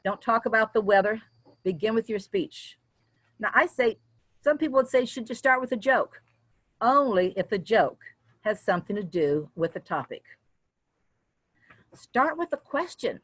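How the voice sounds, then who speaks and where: An older woman giving an instructional talk on public speaking as a guest speaker, deliberately varying her pitch and loudness as she goes. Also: lively intonation, slightly rough, no room sound.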